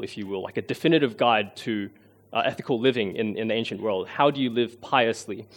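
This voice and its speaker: A man, giving a sermon in an earnest, self-deprecating way, often pausing with fillers. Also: medium pitch. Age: 20s. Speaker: lay preacher.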